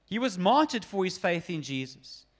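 A man in his forties delivers a sermon in a fairly high, bright register. He preaches with earnest emphasis and addresses his listeners directly, as if speaking to each person in the pews. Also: very animated, moderate pace. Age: 40s. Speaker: pastor.

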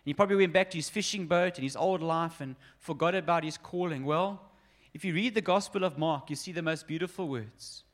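A man's voice: fairly high pitch, brisk. A man in his forties preaching an earnest, emphatic sermon and speaking directly to his congregation. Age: 40s. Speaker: pastor.

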